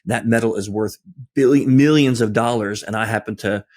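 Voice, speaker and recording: A man voicing a hushed, coy con man. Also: lowish voice, moderate pace, no room sound, clean studio sound, natural voice. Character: smooth male con man acting secretive.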